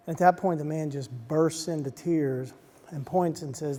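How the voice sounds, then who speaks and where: A man giving a motivational talk to soldiers, telling stories in an animated way and dropping to a soft hush at emotional moments. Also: on the high side, moderate pace. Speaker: speaker addressing soldiers. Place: large hall on a military base. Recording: long reverb of a large hall.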